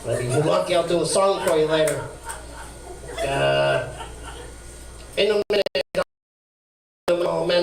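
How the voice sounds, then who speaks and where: A man's voice: on the high side, animated, unhurried, creaky, pauses often. A man doing a crude stand-up set in a brash lounge-act persona, with mumbled asides, at a comedy club. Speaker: stand-up comic. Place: comedy club stage, live. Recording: echoey room heard from far off.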